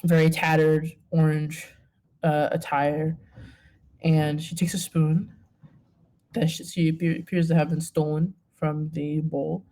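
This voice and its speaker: A woman narrating a tabletop game as game master, hesitant, with many pauses and fillers. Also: deep voice, flat delivery, warm tone.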